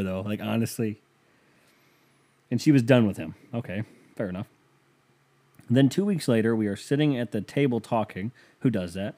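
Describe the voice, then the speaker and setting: Mellow-voiced man, profane and rambling. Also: lowish voice, normal speed, pauses often. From United States. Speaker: podcast host. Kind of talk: casual solo podcast chat, reading listener emails.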